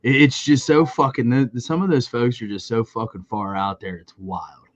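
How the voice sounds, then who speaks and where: A man's voice: mid-range voice, fairly even intonation, moderate pace, highs cut off. A man co-hosting a wrestling podcast, chatting casually with loose, profane jokes. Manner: profane, joking, rambling. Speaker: podcast co-host. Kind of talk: casual chat.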